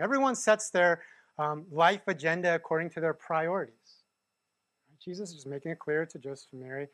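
A man's voice: fairly high pitch, a little fast, a bit bright, no room sound. A man preaching a sermon in a conversational way, often checking in with the listeners. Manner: conversational, keeps asking "right?". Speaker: pastor.

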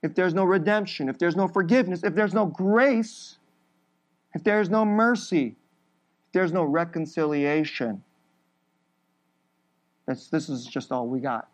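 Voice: medium pitch, expressive, a little slow, pauses often. Emphatic preacher delivering a sermon. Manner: emphatic, with frequent short laughs between points; builds through repeated phrases.

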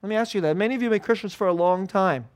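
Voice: medium pitch, racing, no room sound. A pastor preaching in a dry room. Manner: informal, repeats key phrases, chuckles often. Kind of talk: conversational sermon. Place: church service.

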